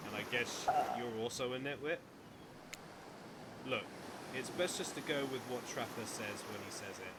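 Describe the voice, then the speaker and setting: A man's voice: medium pitch, moderate pace, long pauses, very noisy. A man reading a game's story aloud in a mock-dramatic way, breaking off for joking asides. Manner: playful, mock-dramatic, swears for laughs. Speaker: streamer reading a visual novel. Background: game music.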